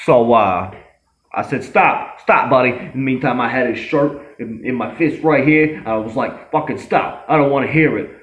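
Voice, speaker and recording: A man's voice: mid-range voice, moderate pace, fairly bright tone, lo-fi sound, pitched above the performer's own voice, lightly acted. A man doing a cocky, swaggering tough guy. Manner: cocky, rambling, swearing, self-aggrandizing. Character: brash boastful swaggering young tough guy. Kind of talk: comedy sketch character.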